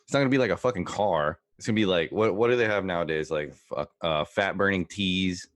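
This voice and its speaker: A man's voice: deep voice, brisk, a bit bright. A man co-hosting a podcast, chiming in with blunt, profane remarks in casual chat. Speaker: podcast co-host.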